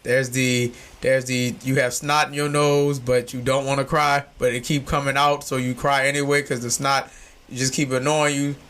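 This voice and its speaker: A man hosting a podcast in casual chat, rambling and joking in slangy talk, now and then breaking into loud shouts. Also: medium pitch, flat delivery, normal speed. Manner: uses informal slang. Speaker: podcast host.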